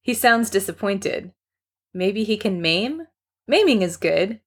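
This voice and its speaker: A woman's voice: mid-range voice, lively intonation, slow, breathy edge. A woman reading a fan story aloud in a wry narrating voice. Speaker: story reader.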